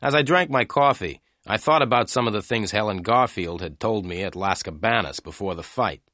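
A man narrating a detective story in clear, slow storytelling. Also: fairly low pitch, bright, forceful tone, dry recording, clean studio sound. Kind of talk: scripted narration of a graded reader.

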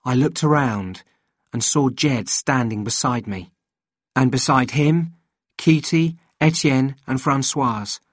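A man reading a novel aloud in measured, steady scripted narration. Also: medium pitch, no room sound, studio quality. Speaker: audiobook reader.

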